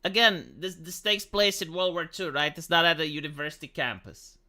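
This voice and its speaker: A man's voice: fairly high pitch, fairly even intonation, moderate pace, bright, forceful tone. A man from Romania, ranting profanely and sarcastically on a live stream about a film.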